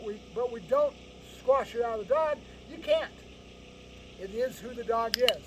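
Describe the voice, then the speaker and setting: A man's voice: very high voice, unhurried. A man working as a dog trainer, explaining training to owners in an emphatic, lecturing way, often checking in with "right?". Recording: distant mic with faint background noise.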